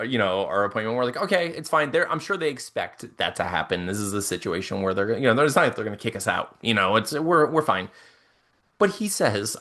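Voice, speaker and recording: A young man spins a long, rambling story for his co-host, animated and quick to act out every voice in it. His voice sits in an ordinary middle pitch. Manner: animated, rambling, acts out quotes. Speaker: podcast co-host. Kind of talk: casual storytelling chat.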